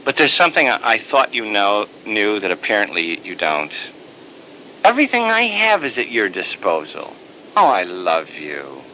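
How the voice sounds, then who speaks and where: A man voicing a loving older father who speaks to his son softly and tenderly, with halting repeats. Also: fairly low pitch, a little hiss or hum, pitched below the performer's own voice, exaggerated voice, poor audio.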